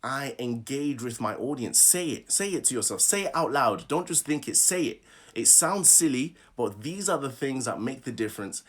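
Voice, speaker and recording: Energetic male speaking coach. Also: medium pitch, normal speed, slightly rough. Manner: energetic, laughs often, coaxes listeners to repeat affirmations. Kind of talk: live online workshop talk.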